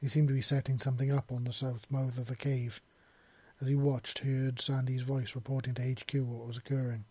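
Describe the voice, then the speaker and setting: A man reading a war story aloud, narrating and voicing the dialogue, shouting in the grief scenes. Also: mid-range voice, flat delivery, a little fast, husky, no room sound.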